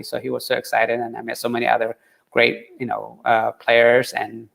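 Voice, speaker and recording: A man telling his story in an interview, earnest and halting, with many fillers and restarts. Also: medium pitch, little pitch movement, gravelly. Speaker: interview guest, marathon runner. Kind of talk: conversational interview.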